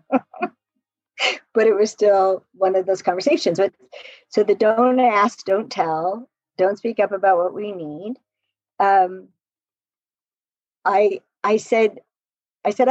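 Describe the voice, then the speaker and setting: A woman relationship coach telling stories in an animated way, laughing often and acting out quotes in a podcast conversation. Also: mid-range voice, husky, dry recording, lo-fi sound.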